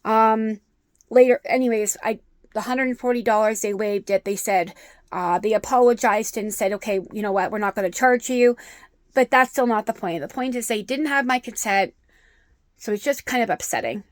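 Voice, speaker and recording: A woman's voice: medium pitch, normal speed, no room sound, clean studio sound. A middle-aged woman telling an upsetting personal story in a vlog, rambling with many ums. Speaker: vlogger.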